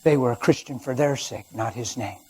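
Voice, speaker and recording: Husky man preaching a testimony. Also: mid-range voice, fairly quick, rough recording. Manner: storytelling, swings from hushed to loud. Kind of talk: sermon testimony. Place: church or studio.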